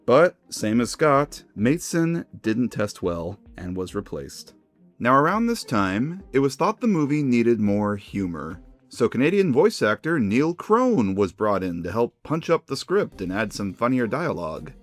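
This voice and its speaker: A man's voice: medium pitch, big pitch swings, unhurried, soft background music. A man giving scripted, enthusiastic narration for a fan video essay. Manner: enthusiastic, conversational fan commentary.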